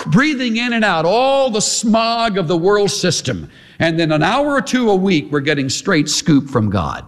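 A man preaching a sermon, impassioned and emphatic, with repeated staccato phrases and swings between quiet low passages and high forceful ones. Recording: long hall reverb.

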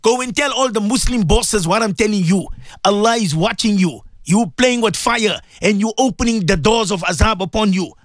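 A high-voiced man delivers an impassioned, preachy talk into a studio microphone. He circles back over the same phrases and speaks straight to his listeners. The sound is dry and close. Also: normal speed, dry recording. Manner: impassioned, repetitive, addresses listeners directly. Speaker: radio presenter.

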